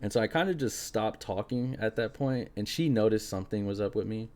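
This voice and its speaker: A young man hosting a podcast, telling a spooky personal story in an animated, casual way, full of fillers. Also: on the low side, a little fast. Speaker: podcast host.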